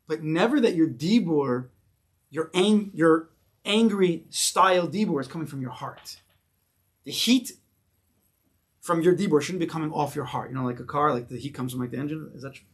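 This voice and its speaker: A man teaching a casual Torah class with a slightly high voice. He talks animatedly, throws out rhetorical questions and acts out the stories he tells. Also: animated, fast talker.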